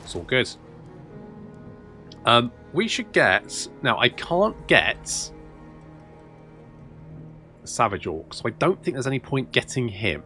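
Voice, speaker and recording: A man's voice: mid-range voice, sing-song, takes it slowly, pauses often, pushed and bright, faint music behind. A man commentating on his own strategy game play, rambling, swearing and thinking aloud. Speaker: let's play host. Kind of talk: gameplay commentary.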